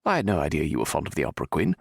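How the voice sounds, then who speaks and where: A fussy young aristocrat with a whiny, wheedling delivery. The voice sits low and husky, recorded dry, as a man plays him. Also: huge pitch swings, racing, no echo, exaggerated voice. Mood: polite. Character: fussy, whiny young nobleman, easily swayed.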